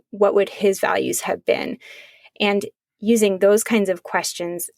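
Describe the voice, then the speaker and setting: This middle-aged woman talks in an earnest, measured way and strings her thoughts together at length. Her voice has a gravelly edge and sits at a middle pitch. The sound is dry and close. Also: dry recording. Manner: earnest, measured, speaks in long flowing thoughts. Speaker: podcast co-host and psychologist, author guest. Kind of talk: reflective conversational podcast talk.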